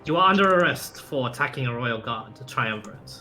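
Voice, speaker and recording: A man's voice: mid-range voice, animated, fairly quick, bright, forceful tone, soft background music, voice pushed down. A man voicing a stern female Inquisitor who gives cold, commanding orders.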